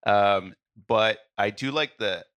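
A man's voice: lowish voice, takes it slowly, a bit bright, smooth, no echo, dull audio. A man co-hosting a casual music review podcast, laughing often and giving earnest advice. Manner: giggly, gives earnest advice. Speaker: podcast co-host. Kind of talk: casual chat.

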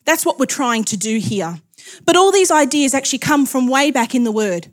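Woman preacher, high voice, chatty and self-deprecating. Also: expressive, normal speed. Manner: chatty, laughs often, self-deprecating asides. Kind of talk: sermon.

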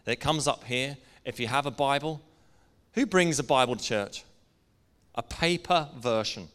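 A man preaching a sermon to a congregation. He speaks earnestly, slows down to stress key words, and puts questions to the room. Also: mid-range voice, fairly bright tone. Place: church hall. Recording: echoey church hall.

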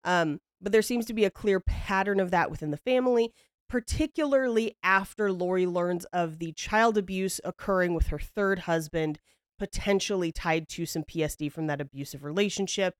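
A podcast host tells a story through loose, casual conversation, wry and a little profane, laughing along the way. Her smooth, clear voice sits on the low side and moves at a normal speed. The sound is close and dry, with no room or echo around it.

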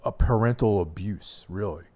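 Man, low voice, podcast co-host, casual, halting, restarts phrases. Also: crowd noise. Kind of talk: casual chat.

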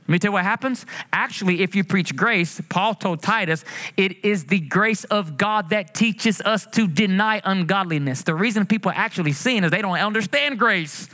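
Male pastor, high and bright, preaching with animated passion, sermon delivery. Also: moderate pace. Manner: preaching with animated swings, rising passionately and drawing out quotes.

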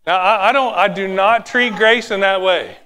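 A pastor delivers a sermon in a high, bright voice at a moderate pace. He's animated, sometimes dropping to a hush and acting out little quotes as he preaches. There's a faint hiss or hum on the recording.

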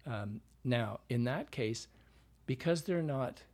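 A man's voice: mid-range voice, lively intonation, slow, a little mellow. A man from Canada working as a dialect coach, explaining his craft in a casual interview and often checking in with "right?". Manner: explanatory, often ends points with a questioning "right?".

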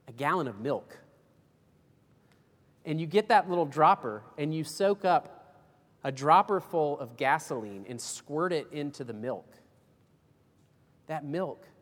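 A man's voice: a little high, sing-song, takes it slowly, long pauses, in a large hall. A man preaching a sermon as pastor, folksy and emphatic, with homespun illustrations.

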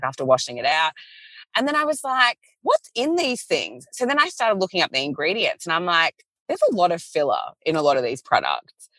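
Here the same Australian founder, in her thirties, chats casually as a podcast guest, her low voice recorded with no room sound. Storytelling comes alive as she acts out quotes and laughs a lot.

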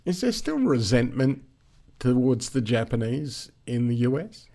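A man interviewing a guest, asking measured, open questions. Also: mid-range voice, very animated, dark tone.

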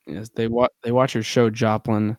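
A man's voice: mid-range voice, little pitch movement, moderate pace, darkish tone, no echo, studio quality. A man co-hosting a podcast, chatting casually and laid-back about a TV show, often chiming in with short agreements. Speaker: podcast co-host. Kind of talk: casual chat reviewing TV.

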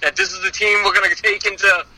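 A man's voice: high-pitched, flat delivery, quick pace, sharp tone, low-quality recording. A man, father of a small child, ranting and swearing with lots of laughter as a podcast guest. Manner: profane, ranting, laughs a lot. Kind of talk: casual podcast chat.

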